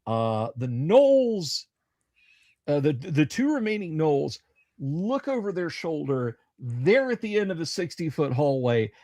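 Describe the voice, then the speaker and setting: A man's voice: on the high side, very animated, a little slow, darkish tone, no room sound. A man running a tabletop game as game master, narrating with many fillers and joking asides.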